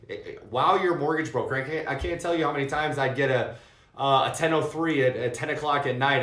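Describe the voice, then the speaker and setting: An insurance sales trainer with a higher, slightly bright voice gives a coaching talk to sales agents. He is emphatic, repeats his key points and calls his listeners "guys." The room sounds echoey.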